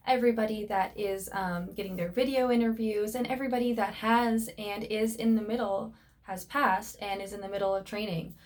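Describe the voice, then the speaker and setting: A young woman flight attendant in a casual vlog, rambling and encouraging with lots of fillers. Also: medium pitch.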